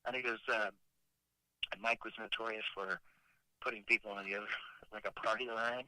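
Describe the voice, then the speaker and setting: A man's voice: fairly low pitch, fairly quick, no room sound, low-quality recording. A man in his fifties, a rock singer calling in as a guest, casually telling a long story and acting out what other people said. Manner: animated storyteller who acts out quoted dialogue. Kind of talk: casual phone-in interview storytelling.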